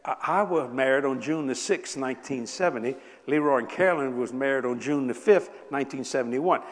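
A man in his seventies preaching a sermon, telling a personal story with lots of laughter and sudden loud bursts. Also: mid-range voice, brisk. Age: 70s. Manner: animated, laughing, bursts of shouting. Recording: echoey hall.

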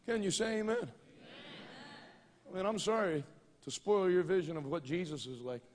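A man's voice: high-pitched, normal speed. Fervent preacher man in a reverberant hall. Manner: fervent, swings from quiet storytelling to shouting. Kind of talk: sermon.

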